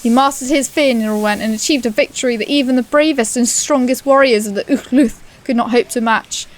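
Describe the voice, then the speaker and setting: A woman's voice: a little high, a little fast, natural voice. A woman voicing a young woman mourning her slain brother in a proud, bitter lament. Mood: grieving.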